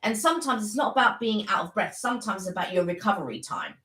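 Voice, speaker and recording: A woman's voice: medium pitch, sing-song, quick pace, a bit bright. Earnest rambling woman co-host, echoey room. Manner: earnest, rambling, many restarts and fillers. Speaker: co-host of a live stream. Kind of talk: casual live-stream chat.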